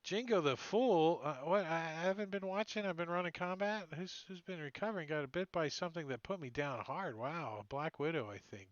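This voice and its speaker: A man's voice: fairly high pitch, brisk, few pauses, no echo. A man running a tabletop game as dungeon master, narrating casually with filler words and frequent laughs, over dull lo-fi stream audio.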